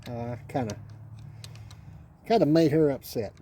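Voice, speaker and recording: A man's voice: medium pitch, measured pace, mellow, slight background noise. A middle-aged man, the channel's host, telling a rambling, folksy story while he works on an old machine in his garage. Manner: rambling, folksy, repeats phrases. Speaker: channel host working on an old three-wheeler. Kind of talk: casual storytelling while wrenching.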